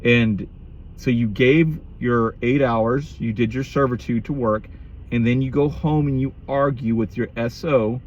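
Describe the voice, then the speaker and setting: A man's voice: medium pitch, steady tone, a little slow, lo-fi sound. A man in his thirties speaking candidly about marriage in a reflective monologue, blunt and profane, often restarting his sentences.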